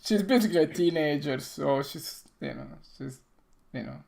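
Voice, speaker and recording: A middle-aged man hosting a game dev stream, chatting casually with halting, non-native phrasing and frequent restarts. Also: on the high side, vocal fry, darkish tone. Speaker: game developer and stream host.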